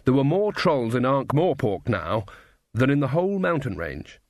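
A man narrating a comic fantasy audiobook in a measured, dry delivery. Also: medium pitch, very animated, dry recording. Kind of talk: scripted narration.

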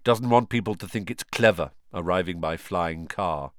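A man's voice: deep voice, moderate pace, smooth, no echo, close to an everyday voice. A man voicing an impatient, blunt teenage boy in a storybook reading. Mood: casual.

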